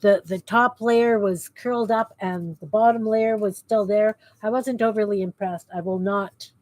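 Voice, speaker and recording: A woman's voice: mid-range voice, fairly even intonation, moderate pace, darkish tone, no echo. A middle-aged woman hosting a crafting livestream from her basement, chatting casually with viewers and muttering to herself as she works. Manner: chatty, self-talk while working, mutters to herself. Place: home basement craft room.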